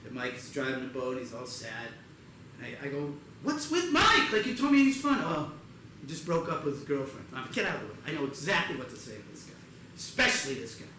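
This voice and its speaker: A man performing live storytelling comedy in a theater, animated and acting out other people's voices in loud bursts. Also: mid-range voice, fast talker, noisy background. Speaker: comedian performing a one-person show. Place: theater stage before a live audience. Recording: echoey theater with audience ambience.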